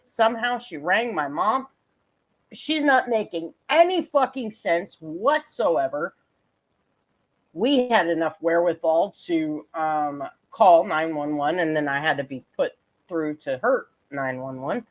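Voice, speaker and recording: A woman's voice: on the low side, lively intonation, unhurried. A woman hosting a livestream, reacting with sarcastic, profane commentary and frequent laughter. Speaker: livestream host reacting to a clip.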